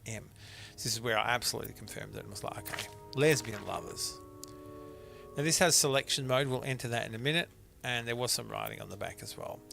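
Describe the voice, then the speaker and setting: Gravelly male gamer reading in-game letters. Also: mid-range voice, bright, forceful tone. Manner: chatty, stumbling over words while reading. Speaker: gamer playing through a mystery game. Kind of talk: let's play commentary, reading letters aloud.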